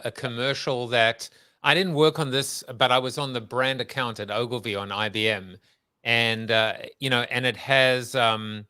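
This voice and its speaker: Guy hosting, bright crisp voice, rambly storytelling, dry sound. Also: mid-range voice, dry recording. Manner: storytelling, with many fillers. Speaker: podcast host. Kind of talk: conversational interview.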